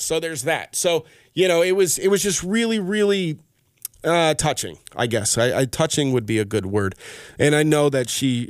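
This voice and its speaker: A man's voice: mid-range voice, no room sound. Heartfelt rambling man, dry studio sound. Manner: rambling, heartfelt, self-interrupting. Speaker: podcast host. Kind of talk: personal podcast monologue. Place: radio station studio. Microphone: studio microphone.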